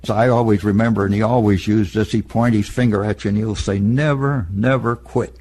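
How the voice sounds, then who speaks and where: An elderly man in an oral history interview, recalling past events in a plain, matter-of-fact storytelling way with a husky voice. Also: fairly low pitch, little pitch movement, fast, warm tone, slight background noise. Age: older. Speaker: interviewee, veteran.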